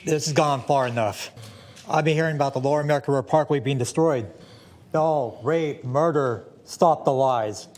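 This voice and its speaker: A man giving an agitated, rambling public comment at a county board meeting, swinging from muttering to shouting. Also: mid-range voice, moderate pace.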